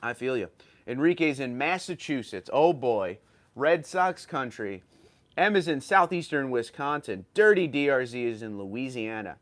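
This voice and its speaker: A man in his thirties from New York hosts a casual livestream, reading viewer chat messages out loud and answering them in a chatty way. He sounds a little tired and stumbles over words now and then, his medium-pitched voice a bit bright.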